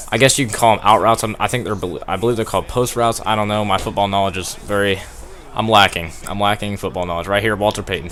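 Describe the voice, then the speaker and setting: Through a gaming headset, with a little hiss or hum, a young man at home plays a football video game on a TV and rambles through casual commentary. His voice is lowish, bright, and forceful, and he's self-deprecating, laughs often, and gets worked up over plays.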